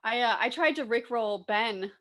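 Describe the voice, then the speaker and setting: A woman co-hosting a comedy show, telling a chatty, animated anecdote in casual talk. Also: fairly high pitch, moderate pace. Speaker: co-host. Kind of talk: casual storytelling.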